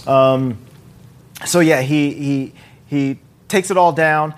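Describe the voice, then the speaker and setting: Animated man retelling a film. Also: fairly high pitch, takes it slowly, clear, resonant tone. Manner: animated, playful storytelling with voices. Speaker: podcast host. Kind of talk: casual chat, retelling a film.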